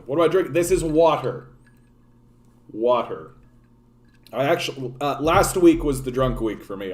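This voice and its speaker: A Canadian man, an adult well past his younger days, hosts a casual political livestream where he rants to his live chat. His delivery is profane, sardonic and rambling, and his medium-pitched voice has a slightly mellow quality.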